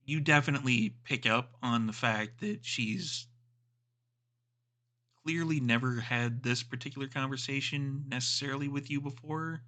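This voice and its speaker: A man's voice: medium pitch, moderate pace, sharp tone. A man narrating a tabletop game as game master, describing scenes in a loose, rambling way.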